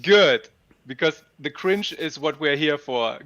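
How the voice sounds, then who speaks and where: Slow-talking man hosting a livestream. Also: fairly high pitch, animated, a bit bright, no echo. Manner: upbeat, greets chat viewers by name. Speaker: livestream host. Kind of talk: casual crypto livestream chat. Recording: dull lo-fi sound.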